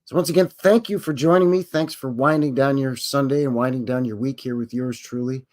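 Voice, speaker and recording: A man's voice: mid-range voice, fairly even intonation, brisk, darkish tone. A man hosting a casual livestream, rambling and joking as he acts out little voices. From Canada. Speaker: livestream host.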